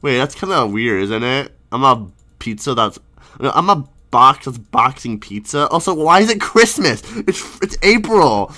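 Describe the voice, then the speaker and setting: Man voicing a talking box character, chatty, bemused, bright voice, cartoon. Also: medium pitch, big pitch swings, a little slow. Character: puzzled talking box packing pizzas. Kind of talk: fan-made object show voice acting.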